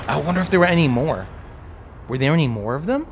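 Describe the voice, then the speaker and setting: A man giving panicky, excitable commentary while playing a video game, talking to himself and cheering out loud. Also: a little high, fast, slight background noise. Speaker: gameplay streamer. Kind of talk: live gameplay commentary.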